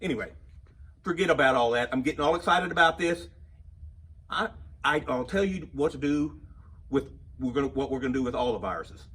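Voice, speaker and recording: Husky joking man, shop owner. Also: mid-range voice, fairly quick, pauses often. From United States. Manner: wisecracking, grows loud and excited then settles back down. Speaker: chrome shop owner giving a customer update. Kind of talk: joking ad-style monologue.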